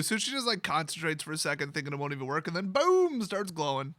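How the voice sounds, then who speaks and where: A man's voice: a little high, big pitch swings, fast, few pauses, sharp tone, no echo. Sarcastic man mocking a fantasy story. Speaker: video host retelling a fantasy novel. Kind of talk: sarcastic comedic story retelling.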